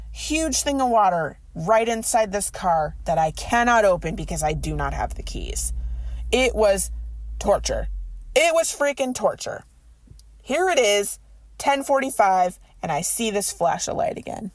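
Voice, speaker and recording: A woman podcast host and mindset coach telling a personal story in a casual, animated way, full of "like" and quoted thoughts. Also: medium pitch, normal speed, no echo. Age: adult. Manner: animated, emotional retelling with many "like"s.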